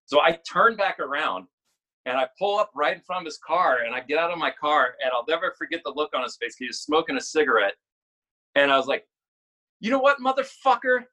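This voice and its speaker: A man in his forties spins an animated story in loose conversation. His voice is bright and forceful. He swears freely and laughs often. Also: a little high, brisk, rough recording. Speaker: guest musician. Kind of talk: casual storytelling chat.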